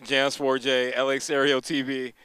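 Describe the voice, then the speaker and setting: A man interviewing a rapper in a relaxed, joking way. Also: mid-range voice, normal speed, clear, resonant tone. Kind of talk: casual interview.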